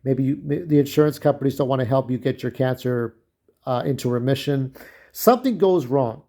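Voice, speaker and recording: A man's voice: mid-range voice, brisk, mellow. A young man delivering an angry, profane personal rant to camera, often repeating himself and restarting sentences. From United States. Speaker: vlogger.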